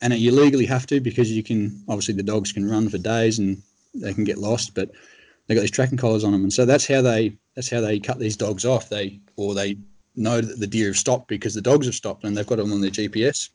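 A man's voice: on the low side, steady tone, brisk, darkish tone, dry recording. An Australian man telling a long hunting story in a laid-back, rambling way, full of fillers. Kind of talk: casual storytelling.

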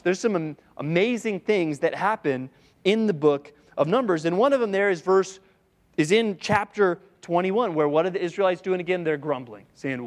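A man preaching a sermon to a seated congregation, talking conversationally, asking rhetorical questions and acting out quick voices. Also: fairly high pitch. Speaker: pastor.

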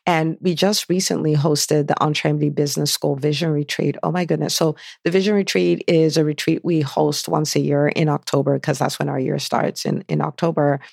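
Enthusiastic woman podcast host, gravelly. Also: low-pitched, moderate pace, hardly any pauses, no echo, clean studio sound. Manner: enthusiastic, animated storytelling with repeated questions. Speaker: podcast host and physician business coach. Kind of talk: solo podcast monologue.

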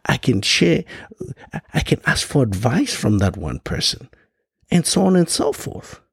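A man's voice: medium pitch, sing-song, measured pace, gravelly, breathy edge, no echo, studio quality. A man from Africa giving an impassioned monologue, firing off rhetorical questions and stumbling over frequent restarts. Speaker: podcast host.

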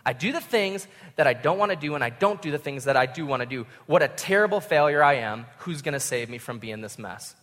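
A man's voice: a little high, animated, brisk, hardly any pauses, fairly bright tone. A young man preaching a sermon in a conversational, self-mocking storytelling way. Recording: long hall reverb.

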